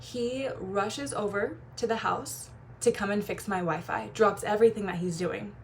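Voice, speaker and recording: Young woman, casual vlog coach, warm gushing delivery, light background noise. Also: mid-range voice. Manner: warm, gushing, quick laughs and playful quoted voices. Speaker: feminine energy coach. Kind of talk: casual talking-to-camera advice.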